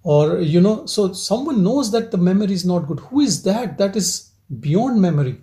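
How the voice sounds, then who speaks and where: A man gives a reflective spiritual talk as satsang teacher, probing listeners with repeated rhetorical questions in a gentle teaching tone. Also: sits high, expressive, moderate pace.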